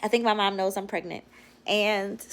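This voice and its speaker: Picked up from a distance, a young woman with a medium-pitched voice vlogs casually at home. She speaks candidly into her phone camera, cursing freely while sharing a personal story.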